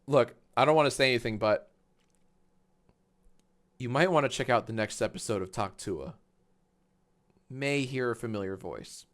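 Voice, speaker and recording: A man's voice: medium pitch, normal speed, pauses often, a bit bright. A man hosting a casual livestream, reacting to videos with sarcastic, profane rants. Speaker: livestream host.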